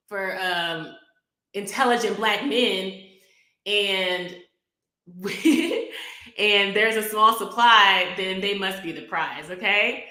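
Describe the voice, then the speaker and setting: A woman's voice: medium pitch, pushed and bright, roomy sound. A woman hosting a relationship talk, speaking earnestly in a coaching manner and repeating her key phrases. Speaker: relationship podcast host. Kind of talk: casual talk to camera.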